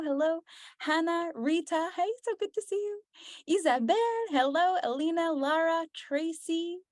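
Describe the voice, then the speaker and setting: Bubbly, higher-voiced woman coach. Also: no echo, studio quality. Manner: effusive and enthusiastic, warm greetings. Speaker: sales coach hosting a live members' training. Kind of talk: live online training, greeting attendees.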